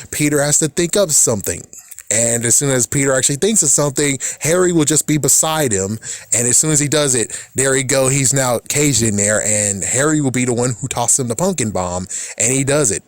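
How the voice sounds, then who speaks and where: A man's voice: mid-range voice, no room sound. A man rambling through casual commentary on a film, exasperated and swearing often. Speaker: vlogger.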